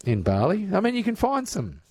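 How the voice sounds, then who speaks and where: A man's voice: sits high, wildly swooping pitch, a little fast, darkish tone, breathy edge, dry recording. A man hosting talkback radio, chatting loosely with callers and slipping in lots of "uh"s. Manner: chatty, filler-heavy. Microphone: studio mic.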